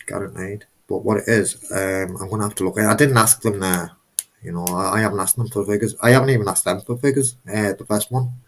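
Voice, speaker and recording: A man's voice: lowish voice, fairly even intonation, quick pace, vocal fry. A man hosting a live stream, talking casually in a rambling, emphatic way and often repeating himself.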